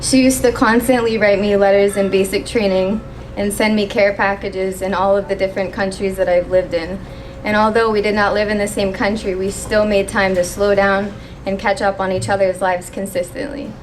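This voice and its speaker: A young woman giving a maid of honor toast at a wedding reception, reading from her phone and pausing when she gets emotional. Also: mid-range voice, slight background noise. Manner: emotional, pausing to steady herself.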